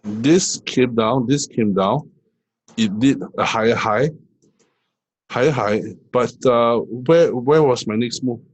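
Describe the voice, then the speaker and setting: Middle-aged male trading coach, husky, conversational screen-share lesson. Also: medium pitch, slow pace, highs cut off. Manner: conversational, many fillers and "right?" checks.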